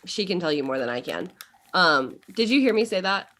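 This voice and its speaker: A woman co-hosting a casual book chat on a video call, telling stories fast and laughing a lot. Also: on the low side. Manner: animated, laughing, fast storytelling. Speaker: book club co-host.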